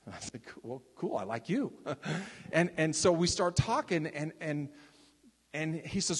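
Older man, ministry leader, lively chatty testimony, a touch high-pitched, long hall reverb. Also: brisk, slightly rough. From Texas. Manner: animated, chatty storyteller with many restarts and asides. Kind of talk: casual storytelling testimony.

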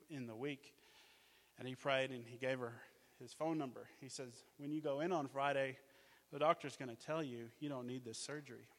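A man from Australia preaching a sermon, energetic and jokey, telling stories and acting out what people said. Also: medium pitch, big-room sound. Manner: energetic, animated, jokey, acts out quotes. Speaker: guest preacher, mission leader. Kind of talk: sermon with storytelling. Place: church.

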